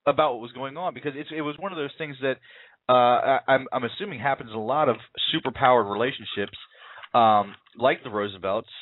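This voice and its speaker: A man's voice: mid-range voice, no room sound. Man reviewing a film over a tinny line. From United States. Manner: rambling, many fillers and restarts. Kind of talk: casual film review chat.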